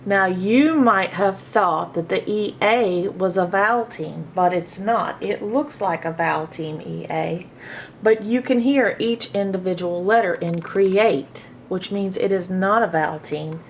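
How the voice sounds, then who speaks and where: A woman teaching a phonics reading lesson, slowly sounding out and repeating each word for practice. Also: mid-range voice, slight background noise. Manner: slow, deliberate, repeats words for practice.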